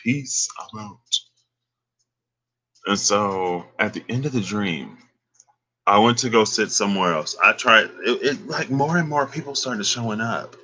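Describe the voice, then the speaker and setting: A man with a low voice and a hard, bright edge tells a dream in an easy, offhand way. He drops slang and chuckles between thoughts, like a casual vlogger talking straight to camera. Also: moderate pace. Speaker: dream recounter. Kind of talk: casual storytelling.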